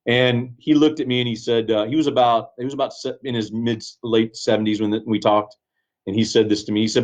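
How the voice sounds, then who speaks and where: Pastor guest, earnest and reflective, mid-pitched man on a slightly muffled interview recording. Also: flat delivery, a little fast. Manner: earnest, reflective, with frequent restarts. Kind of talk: casual conversation, storytelling.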